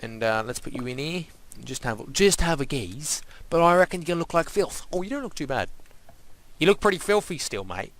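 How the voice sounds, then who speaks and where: A man's voice: a little high, animated, fairly quick, fairly bright tone. Playful rambling man gaming. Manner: rambling, playful, talks to game animals and objects. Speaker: gaming channel host. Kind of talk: casual let's-play commentary.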